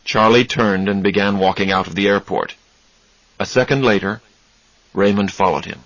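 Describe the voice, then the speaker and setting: A man slowly reading aloud a story for English learners, deliberate and expressive. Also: fairly low pitch, no room sound. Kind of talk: slow read-aloud story narration. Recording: dry, dull lo-fi recording.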